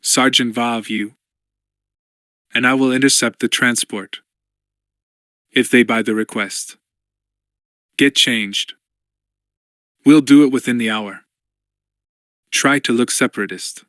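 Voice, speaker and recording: A man reading the part of a cool, precise young clone officer who speaks crisply and decisively. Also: mid-range voice, fairly even intonation, slow, pauses often, fairly bright tone, no echo, studio quality.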